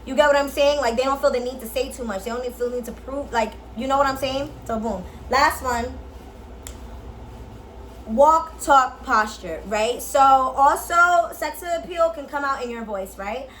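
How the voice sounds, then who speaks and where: A woman vlogger giving a casual tutorial straight to camera. She is playful and blunt, swears a lot and uses slang, and at times drops into a low, slow sultry voice to demonstrate. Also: fairly bright tone, slight background noise, poor audio. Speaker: beauty and lifestyle vlogger.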